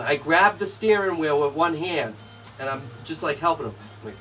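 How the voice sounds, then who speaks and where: A young man with a low, tired way of talking, telling his side of a story in casual chat and swearing often. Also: normal speed, fairly bright tone. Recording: distant from the mic, music in background.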